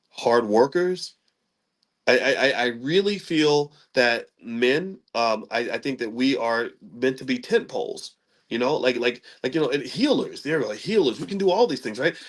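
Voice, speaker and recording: Animated, stammering middle-aged male host. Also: mid-range voice. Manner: animated storyteller who stammers and repeats words; self-mocking and humorous. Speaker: commentator and channel host. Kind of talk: casual monologue to camera.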